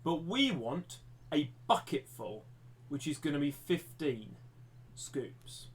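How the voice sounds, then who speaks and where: A man's voice: on the high side, very animated, takes it slowly. A man teaching a live-streamed maths lesson, chatty and self-deprecating, thinking aloud with frequent restarts.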